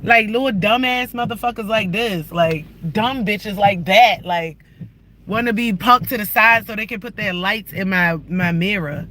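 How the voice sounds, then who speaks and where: A man with a notably high voice rants combatively to his live-stream viewers, swearing freely as he drives. He talks into a phone inside a moving car, and loud road noise runs under every word. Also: a little slow. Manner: profane, combative ranting. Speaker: livestreamer. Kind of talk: live-stream rant while driving.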